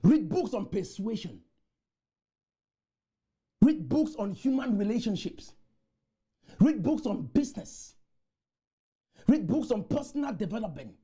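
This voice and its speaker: A man delivers a rousing motivational talk to a conference crowd. His mellow, dark voice leaps up and down in pitch as he repeats rallying lines and breaks into shouts. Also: sing-song, measured pace, pauses often, husky. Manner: exhorting, repetitive chants, bursts into shouts. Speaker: motivational speaker. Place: conference room.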